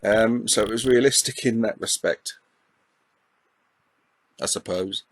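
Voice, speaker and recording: Speaking at a measured pace in a fairly low voice, a middle-aged Essex-accented Englishman who runs a retro gaming YouTube channel comments on gameplay. He's chatty and self-deprecating, with plenty of ums and uhs. The recording is dry and rough.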